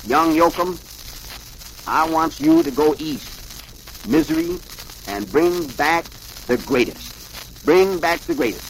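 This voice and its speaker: A man voicing a shifty small-town hustler from a comic strip, excitable and full of dramatic warnings. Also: on the high side, slow, gravelly, pauses often, a little hiss or hum, pitched above the performer's own voice, exaggerated voice, rough recording. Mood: blustery.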